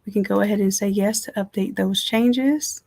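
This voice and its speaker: Chatty woman teaching with a gravelly edge. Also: mid-range voice, steady tone, normal speed, darkish tone. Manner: casual, chatty, talks to viewers as "y'all". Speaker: design instructor. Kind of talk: live screen-share software tutorial. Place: at home.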